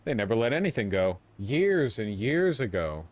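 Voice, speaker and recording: A man's voice: fairly low pitch, very animated, normal speed, slight background noise. A man hosting a livestream, giving casual political commentary in a rambling, incredulous and profane manner with many filler words. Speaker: livestream host.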